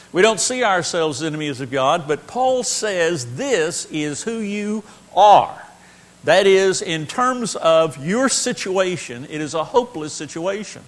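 A man's voice: fairly high pitch, a bit bright. A man teaching a Bible lesson in an earnest, emphatic way, repeating his key phrases.

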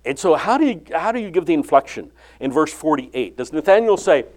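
An older man preaching a sermon, retelling the Bible story and acting out its dialogue with lively inflection. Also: on the high side, brisk. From California.

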